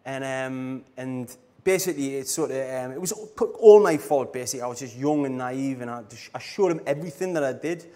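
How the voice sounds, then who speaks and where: A middle-aged man speaking on stage at a design conference tells rambling anecdotes in a casual talk, laughing often and tossing in fillers like "you know what I mean." His mid-range voice has a dark tone, and he moves briskly with hardly any pauses.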